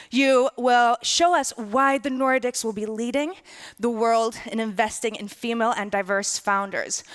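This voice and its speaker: A woman's voice: on the high side, fairly bright tone. A woman hosting a summit stage, introducing the next speaker in a giggly, emphatic way. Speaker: event host.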